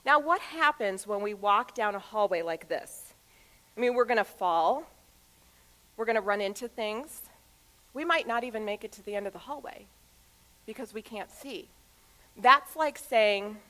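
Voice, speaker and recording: A woman in her thirties, a motivational speaker telling personal stories to a live audience with emphatic pauses. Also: medium pitch. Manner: expressive, animated storyteller with emphatic pauses. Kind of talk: storytelling talk to an audience.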